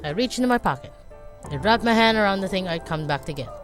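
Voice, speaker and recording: A woman's voice: medium pitch, lively intonation, quick pace, soft background music, lightly acted. A woman reading a game's first-person narration as a frightened, desperate young woman. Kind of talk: game text read aloud.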